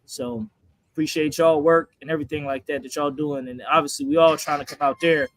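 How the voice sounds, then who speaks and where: A man chats in a relaxed, slangy way, joking as he goes. His voice sits a little high. The sound is dry and close. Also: a little fast, no room sound. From United States. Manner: laid-back, laughing, slangy. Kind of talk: casual chat.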